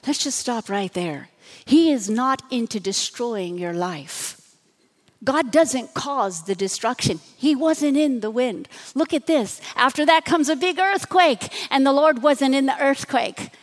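A woman pastor giving a dramatic sermon, dropping to hushed tones and rising to emphatic bursts. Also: high-pitched, lively intonation, measured pace, big-room sound.

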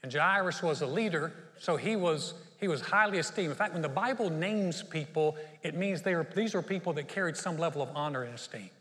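A male pastor preaches in a lively, storytelling way, slipping into the voices of the people in his story. His voice sits a little high and rings with the long reverb of a large hall. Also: brisk, hardly any pauses. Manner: storytelling, acts out the Bible characters. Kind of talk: sermon.

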